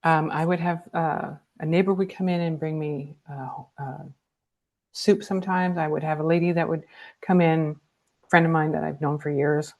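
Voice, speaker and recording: A woman with a lowish voice talks candidly as a podcast guest. She is blunt and outspoken, swears freely, and laughs easily. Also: fairly even intonation, moderate pace, darkish tone, muffled recording. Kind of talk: candid conversation.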